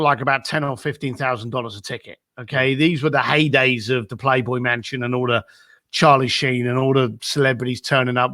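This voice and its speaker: A man's voice: medium pitch, pushed and bright. A man telling an anecdote as a podcast guest, acting out both sides of a phone call, with lots of fillers and repeated "I said.". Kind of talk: storytelling in a casual interview.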